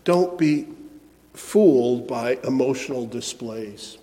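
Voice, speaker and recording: A man preaching a sermon, shifting between soft, reflective passages and emphatic ones. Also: medium pitch, slow. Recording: long hall reverb.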